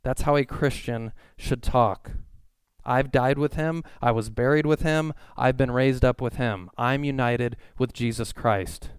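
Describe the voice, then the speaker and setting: A man's voice: mid-range voice, measured pace, clear, resonant tone, no room sound. A young man preaching a sermon as pastor, earnest and emphatic, building on repeated phrases. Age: young adult.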